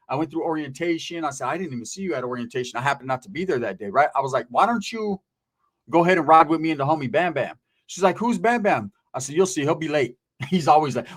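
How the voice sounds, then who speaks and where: A man's voice: on the high side, fast. A middle-aged man telling a crude, slangy story as a podcast host, acting out the other people's lines as he goes. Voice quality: scraggly-bearded street talker, slangy. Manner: animated, profane, acts out voices in his stories. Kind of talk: profane storytelling commentary.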